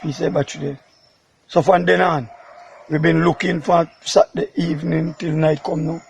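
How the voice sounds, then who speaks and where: A man's voice: a little high, little pitch movement, normal speed, creaky, slight background noise. A man with a Jamaican accent, a father recounting in an interview how his daughter went missing, rambling in patois. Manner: rambling, emotional retelling in patois.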